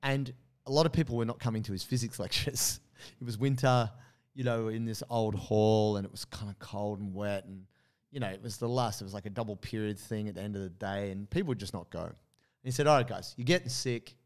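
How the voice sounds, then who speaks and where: Low-voiced man telling a story. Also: fairly even intonation, fairly quick, a little mellow. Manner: storytelling with lots of fillers and quoted asides. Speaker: podcast co-host. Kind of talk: casual podcast chat.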